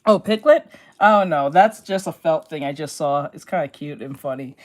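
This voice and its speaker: A woman's voice: deep voice, expressive, moderate pace. A woman art streamer in casual live-stream chat, slangy and calling her viewers bro.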